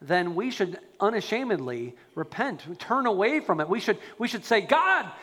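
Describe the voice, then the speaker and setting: A man preaching a sermon as a pastor, animated and acting out quoted prayers. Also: high-pitched, normal speed, big-room sound.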